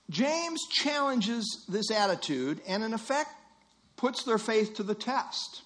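High-voiced man preaching a sermon. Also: lively intonation, slow pace, a bit bright. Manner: earnest, emphatic teaching with rhetorical quotes.

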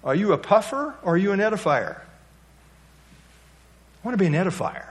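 High-voiced man preaching a sermon. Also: very animated, moderate pace. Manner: conversational storytelling, folksy asides. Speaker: pastor.

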